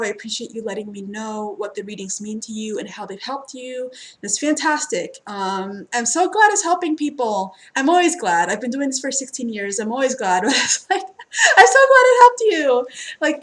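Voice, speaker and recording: A woman, speaking in a slightly raised pitch. She talks casually and ramblingly as a spiritual tarot reader, full of fillers and quick laughs. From United States. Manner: chatty and rambling, many fillers, frequent laughter. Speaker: twin flame tarot reader. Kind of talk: casual spiritual reading introduction.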